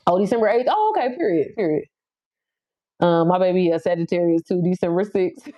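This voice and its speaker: A woman, chatting casually and bluntly with viewers on her livestream, laughing often and jumping up high for emphasis. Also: fairly even intonation, fairly quick, dark tone. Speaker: livestream host. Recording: slightly dull lo-fi audio.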